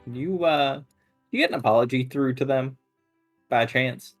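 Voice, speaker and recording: A man playing a tabletop game in character, speaking hesitantly in a folksy, halting way. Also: mid-range voice, dry recording, soft background music. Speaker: player. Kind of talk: in-character tabletop role-play.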